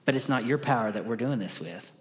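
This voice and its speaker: A man's voice: mid-range voice, expressive, fast talker. Man preaching in a reverberant church. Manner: conversational, repeats key lines for emphasis. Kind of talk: sermon. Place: church sanctuary.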